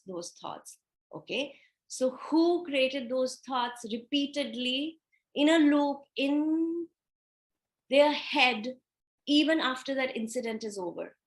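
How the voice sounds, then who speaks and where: A woman with a somewhat high voice leads a reflective spiritual teaching talk. She poses rhetorical questions and answers them herself, and she acts out everyday moments to make her point. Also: fairly bright tone.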